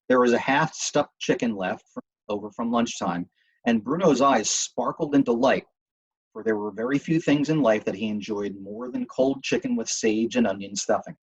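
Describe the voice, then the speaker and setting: Male reader, husky, steady audiobook narration, dull lo-fi recording. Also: medium pitch. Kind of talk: audiobook reading.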